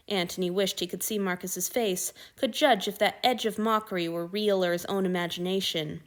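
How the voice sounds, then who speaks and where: A woman narrating fan fiction aloud at a middling pitch. Her delivery is even and steady, a plain storytelling read. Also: normal speed, hardly any pauses. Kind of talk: audiobook reading of fan fiction.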